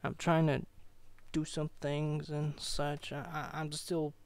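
A man giving casual rambling commentary, stammering, apologetic and low-energy on an old cheap microphone. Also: little pitch movement, slow, gravelly, clear, resonant tone, no room sound, rough recording. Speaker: amateur commentator.

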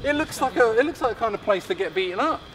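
A man's voice: very high voice, expressive, quick pace, a loud crowd. A man hosting a casual walking tour on city streets, chatting and joking as he goes. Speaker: tour guide host. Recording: music playing behind.

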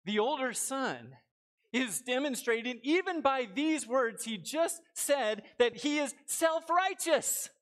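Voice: high-pitched, lively intonation, takes it slowly, a bit bright. A pastor giving a church sermon, reading scripture aloud and then explaining it with rhetorical questions.

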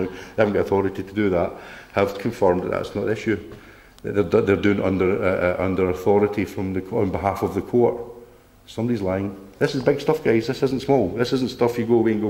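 A man's voice: deep voice, gravelly, a little mellow. A man giving a public talk to a local group, indignant and rambling, repeating himself as he reads letters aloud. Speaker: presenter.

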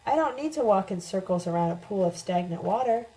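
A woman's voice: mid-range voice, lively intonation, fairly quick, warm tone, lightly acted, poor audio. A woman voicing a filthy, unkempt male hermit who talks in a vague, otherworldly, musing way, in an audiobook reading. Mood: dreamy.

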